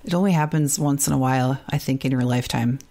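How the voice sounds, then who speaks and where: A woman's voice: a bass voice, fast, dark tone. A woman co-hosting a podcast in playful, chatty conversation. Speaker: podcast co-host. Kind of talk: casual podcast chat.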